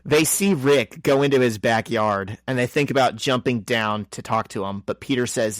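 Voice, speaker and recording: A man's voice: medium pitch, dry recording. A man co-hosting a podcast, recapping a comic book in a wry, joking way and briefly voicing the characters. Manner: wry, joking summary with quick voices for characters. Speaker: podcast co-host. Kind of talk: casual chat recapping a comic.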